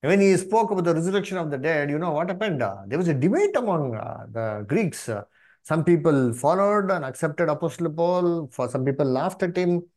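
A man's voice: on the high side, expressive, a little fast, a little mellow. A man preaching a Bible study sermon, who keeps asking the congregation questions, repeats their answers and calls on people by name to read.

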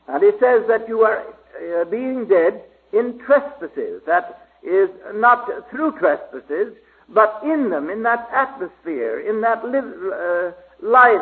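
A man giving a slow, halting Bible study sermon with many pauses and fillers. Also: high-pitched. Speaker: preacher. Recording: tinny phone-like old recording.

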